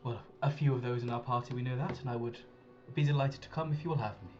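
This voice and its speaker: A man's voice: mid-range voice, steady tone, fast talker, a little mellow. A man playing a tabletop game, speaking politely and eagerly in character. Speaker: player. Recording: muffled, with music behind.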